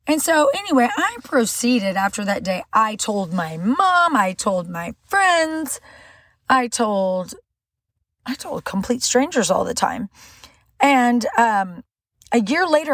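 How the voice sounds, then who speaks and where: A middle-aged woman tells a personal story in a lively way. Her voice sits fairly high, and she jumps higher still when she acts out what people said. The sound is close and dry. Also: a little slow, no echo. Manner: animated, acts out quoted lines in a higher voice. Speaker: podcast host.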